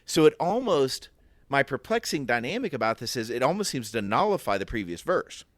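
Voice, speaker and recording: A man's voice: mid-range voice, sing-song, brisk, no echo. Reflective man musing aloud, dry sound. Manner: reflective, thinks aloud with restarts and acted inner questions. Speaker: podcast co-host. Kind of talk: casual Bible discussion.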